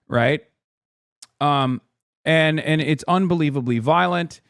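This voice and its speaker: A man's voice: a bit bright, smooth, no echo. A man in his thirties hosting a casual livestream, blunt and profane, reacting to chat and videos on a close mic. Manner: blunt, profane, mocking, fast asides; jumps into high sarcastic voices to mimic others.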